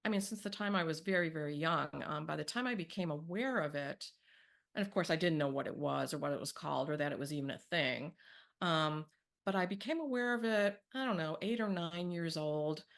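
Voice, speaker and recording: A woman's voice: low-pitched, fairly quick, creaky. A woman sharing a personal story in a candid, reflective way, acting out the people she quotes. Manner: candid, reflective, animated when quoting.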